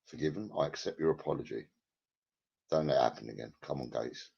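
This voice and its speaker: A man with a very deep, creaky, mellow voice and a breathy edge talks fairly quickly to his stream chat from home on a headset. He's rambling, crude and full of swearing, greeting viewers by name and bantering with them, and the audio is lo-fi and dull.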